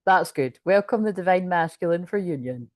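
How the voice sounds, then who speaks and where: A woman's voice: on the low side, animated, moderate pace, no echo, clean studio sound. A Scottish woman giving a casual, rambling tarot reading to camera. She often breaks into laughter. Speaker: tarot reader.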